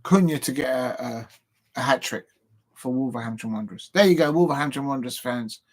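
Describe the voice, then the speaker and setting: A man from England hosts a live football stream at a middle pitch. He rambles casually and pokes fun at himself. He talks straight to his viewers. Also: fairly quick. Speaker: football show host.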